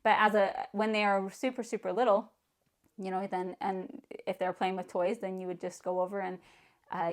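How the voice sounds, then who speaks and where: A middle-aged parenting vlogger gives advice in a casual, earnest talk, repeating words and leaning on "you know." Her mid-range voice has a flat delivery and a moderate pace.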